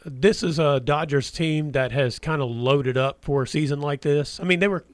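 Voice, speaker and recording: A man's voice: fairly high pitch, normal speed. A man hosting a casual sports radio talk show, rambling with many restarts and hesitations.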